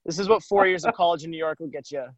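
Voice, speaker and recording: A man's voice: a little high, rapid-fire, over a noisy crowd. Teasing man hosting over lo-fi audio. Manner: teasing, upbeat, sprinkles in "like". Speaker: podcast host. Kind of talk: casual chat.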